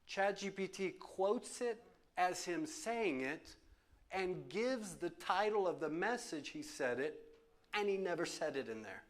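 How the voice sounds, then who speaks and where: Male pastor, slightly high voice, emphatic and repetitive, preaching a Q&A session in church. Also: animated, a little slow. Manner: emphatic, repeats phrases for stress. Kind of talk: sermon question and answer session. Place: church sanctuary.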